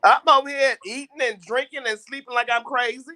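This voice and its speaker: A man from D.C. with a very high, bright voice gossips loudly and crudely. He giggles through his stories and talks with brash energy. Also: fairly even intonation, fairly quick. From Washington, D.C., USA. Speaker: caller. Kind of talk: casual chat.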